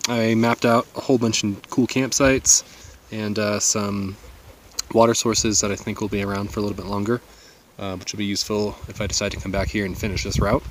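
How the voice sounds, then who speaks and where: A man's voice: fairly low pitch, level tone, brisk, a little hiss or hum, poor audio. A man filming himself while hiking on a mountain, talking casually, thinking aloud and swearing now and then, at times out of breath. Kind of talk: casual vlog narration. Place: outdoors on a high mountain.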